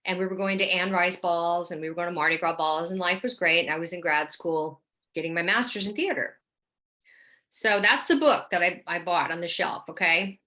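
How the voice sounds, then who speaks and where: A talkative, animated middle-aged woman from New Orleans, an actress, speaks as an interview guest about things she has lived through. She brings quotes to life by acting them out in a higher voice.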